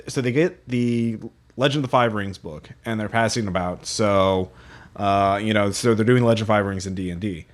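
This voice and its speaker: A man co-hosting a casual tabletop gaming podcast, relaxed and chuckling as he shares game quotes and reads forum stories aloud. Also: mid-range voice. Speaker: podcast co-host.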